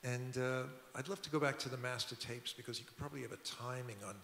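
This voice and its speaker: Gravelly older man telling stories in a hall. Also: mid-range voice, fairly even intonation, fast talker, pushed and bright, a little hiss or hum. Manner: rambling, conversational, frequent restarts. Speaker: record producer and musician, guest. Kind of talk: anecdotal storytelling at a public talk. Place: museum auditorium. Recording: echoey hall.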